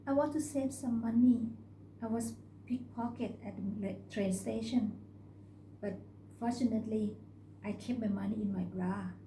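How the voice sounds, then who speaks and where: A woman voicing a cheeky young rural woman from the northeast who talks in a bright, forthright way. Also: on the high side, moderate pace, a little hiss or hum, lightly acted. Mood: cheerful. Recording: roomy recording.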